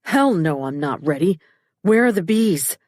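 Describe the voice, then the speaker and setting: A woman narrator voicing a talkative husband in an audiobook thriller, breezy and quick. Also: lowish voice, lively intonation, a little mellow, no echo, studio quality. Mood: alarmed. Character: frantic-then-casual young husband, chatty restaurateur. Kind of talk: audiobook dialogue.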